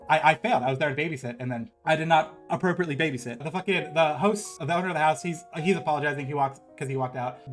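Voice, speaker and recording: A man's voice: a little high, fairly bright tone. A young man telling a story in a casual, rambling streamer style, full of filler words and swearing.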